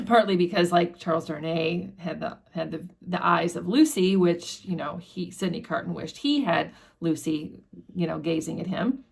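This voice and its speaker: A woman hosting a book channel, retelling a classic novel in a relaxed, conversational way with fillers and restarts. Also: lowish voice, normal speed, vocal fry, slightly rough. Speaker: book discussion host. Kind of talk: casual book summary with read quotes.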